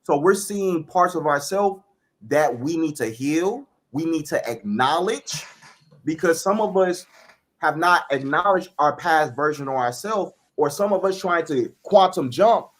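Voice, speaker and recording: A man's voice: on the high side, lively intonation, a little slow. A young man speaking earnestly as a guest in a spiritual conversation, repeating key phrases for emphasis.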